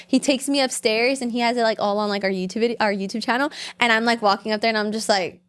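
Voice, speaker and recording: A woman's voice: a little high, steady tone, fast, smooth. A woman guest telling stories in casual podcast chat, full of "like" and quoted dialogue. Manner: chatty storytelling full of "like".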